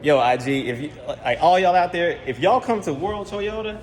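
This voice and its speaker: A man's voice: high voice, expressive, normal speed, far from the mic, slight background noise. A man telling a frustrated story about a car dealership, acting out the other people's lines as he goes. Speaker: vlogger. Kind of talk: animated storytelling rant. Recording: roomy, away from the mic.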